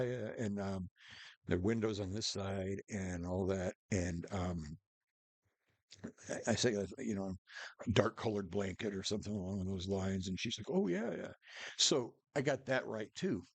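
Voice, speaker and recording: A man's voice: low voice, a little slow, breathy edge, no echo. A man telling a true story in a casual, rambling way, restarting sentences and acting out what people said. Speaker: storyteller vlogger.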